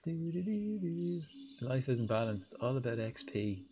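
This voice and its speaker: A man's voice: lowish voice, measured pace, a little hiss or hum. A young Irish man chatting casually on a live stream while he builds in a game, rambling, swearing freely and restarting his sentences. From Republic of Ireland. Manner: rambling, swears freely, restarts often, laughs at own jokes. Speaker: livestreamer. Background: music playing clearly.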